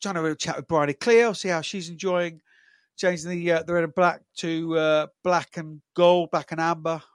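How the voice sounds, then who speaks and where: A man co-hosts a casual chat podcast. His voice sits a touch higher than most men's, and the sound is dry and close. He rambles along, full of ums, uhs and false starts. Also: steady tone, moderate pace, clear, resonant tone, dry recording. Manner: rambling, many fillers and restarts. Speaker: podcast co-host.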